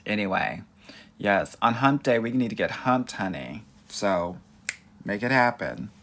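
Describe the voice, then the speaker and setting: A man's voice: lowish voice, lively intonation, unhurried, a bit bright. Sassy campy man hosting a live Q&A. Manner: sassy, campy, calls viewers girl and honey; self-described Valley Girl way of talking. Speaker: dating coach. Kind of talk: live-stream Q&A chat. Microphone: phone or webcam mic for a live stream.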